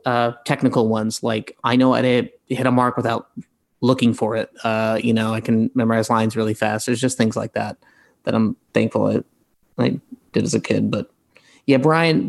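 Man, forties, gravelly, mid-pitched, rambling guest answers full of fillers. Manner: rambling, many fillers and restarts. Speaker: actor guest. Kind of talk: relaxed interview talk.

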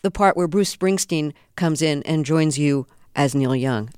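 A woman's voice: sits low, unhurried, heavy background noise. A woman interviewer asking a guest curious, chatty questions. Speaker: radio interviewer.

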